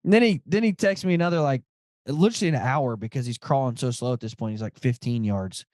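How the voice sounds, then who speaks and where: A man hosting a podcast, telling a story in a casual, animated way and acting out the dialogue. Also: mid-range voice, fast, dry recording, studio quality. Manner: animated, quotes friends in dialogue, says dude a lot. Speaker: podcast host.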